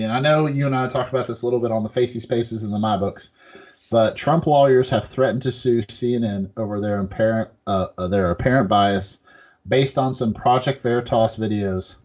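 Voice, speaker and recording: A man's voice: mid-range voice, a little mellow, muffled recording. Profane, rambling male podcast co-host. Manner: profane, rambling, acts out quotes. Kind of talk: casual political chat.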